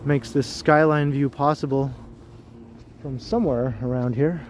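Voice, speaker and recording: A man's voice: medium pitch, fairly even intonation, unhurried, a little mellow. A man hosting a casual walking livestream outdoors, chatty and jokey, greeting viewers by name as he walks city streets. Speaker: livestream host. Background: street traffic.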